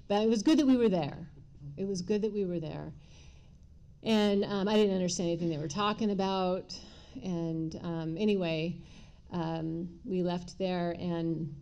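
A woman's voice: fairly low pitch, a little mellow. Candid woman telling a recovery story. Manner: candid, storytelling, many fillers. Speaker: speaker sharing recovery story. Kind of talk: personal testimony talk.

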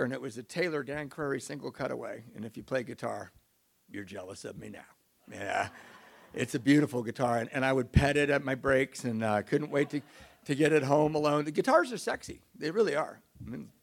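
A middle-aged man telling a self-mocking recovery story to an audience, in an animated way. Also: mid-range voice, gravelly. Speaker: speaker sharing recovery story.

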